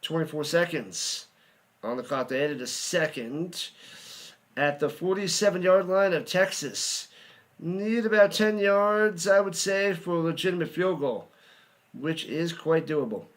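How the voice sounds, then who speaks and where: A man's voice: a little high, measured pace. A man giving live play-by-play commentary, chatty, humming and joking between plays and rising on big ones.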